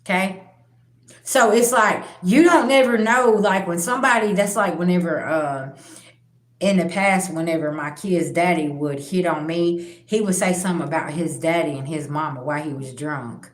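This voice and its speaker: Here the same kind of host, a woman running a spiritual channel, bluntly recounts personal experiences to viewers, cursing freely. Her voice sits lowish and moves at a moderate pace, and the room sounds echoey.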